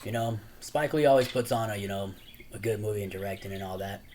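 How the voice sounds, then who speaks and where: Chill guy youtuber, lowish voice, keeps saying you know, faint hiss behind. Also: fast talker. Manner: rambling, full of "you know" and "like"; laughs often while talking. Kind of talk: casual chat.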